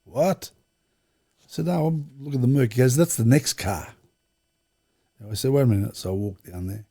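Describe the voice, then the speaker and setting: Middle-aged man, guest storyteller; low, gravelly, husky delivery, rambling anecdotes with quoted dialogue. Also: mellow. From Australia. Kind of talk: casual storytelling interview.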